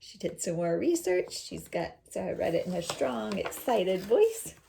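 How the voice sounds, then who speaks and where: A woman teacher reading a picture book aloud to children, slowly explaining words and asking questions. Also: mid-range voice, sing-song, vocal fry, dark tone, a little hiss or hum. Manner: slow, explains words and asks listeners questions. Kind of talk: children's read-aloud with commentary.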